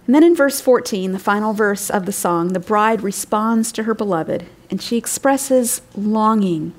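An older woman with a crackly voice, giving earnest devotional Bible teaching and lifting her voice on words she stresses. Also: normal speed. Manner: earnest, wondering, pitch rising for emphasis.

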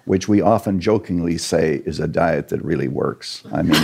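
Low, gravelly male guest lecturer, earnest storyteller. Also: normal speed, hardly any pauses, background noise. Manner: animated, earnest storyteller with jokes. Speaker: church historian guest.

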